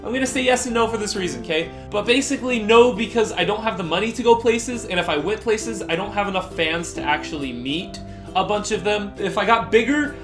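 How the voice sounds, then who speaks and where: A man answering viewer questions in a casual vlog, excitable and rambling, often self-deprecating. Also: high-pitched, a little fast, music in the background. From Utah, USA.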